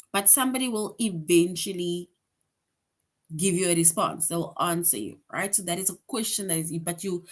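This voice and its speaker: A woman teaching a grade-school grammar lesson online. She explains patiently, keeps checking in with "right?", and slows down to stress example sentences. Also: mid-range voice. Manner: explains patiently, tag question "right?" after most points; reads example sentences slowly with emphasis.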